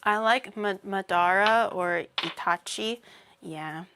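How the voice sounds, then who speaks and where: A woman streamer chatting casually while she cooks, rambling and breaking into animated mock-outraged rants. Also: mid-range voice, slow pace, over music. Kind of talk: casual livestream chat while cooking.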